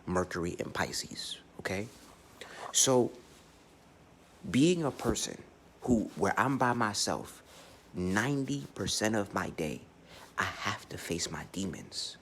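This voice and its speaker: Blunt, profane man with a lowish voice. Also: expressive, takes it slowly, pauses often, fairly bright tone, slight background noise. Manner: blunt, profane and emphatic, with frequent restarts. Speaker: astrology vlogger. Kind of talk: casual unscripted monologue.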